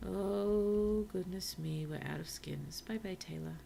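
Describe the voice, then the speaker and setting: A tired woman streamer gently chatting with her viewers during gameplay, softly spoken and often dropping to a whisper. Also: fairly low pitch, a little slow, gravelly, a little hiss or hum. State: tired, yawning. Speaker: virtual streamer. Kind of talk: casual gameplay commentary to chat.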